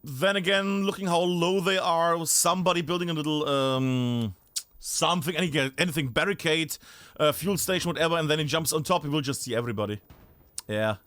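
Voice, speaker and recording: A man's voice: on the high side, brisk, a bit bright, no echo. A man streaming a game live, chatting and thinking aloud as he looks around a map, often breaking off mid-sentence.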